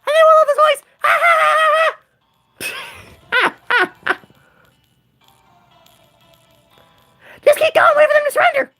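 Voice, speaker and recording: A man putting on a squeaky, shouty toad voice during a game stream, giddy and absurd. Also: drawn-out words, pauses often, soft background music, exaggerated voice. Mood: manic squeak. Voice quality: very high, strained squeak. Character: squeaky shrieking little toad creature, manic.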